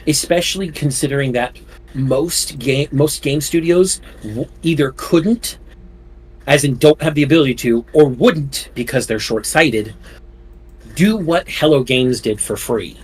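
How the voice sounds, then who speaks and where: A man co-hosting a casual gaming podcast, animated and quick to interject with counterpoints. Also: mid-range voice, breathy edge. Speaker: podcast co-host.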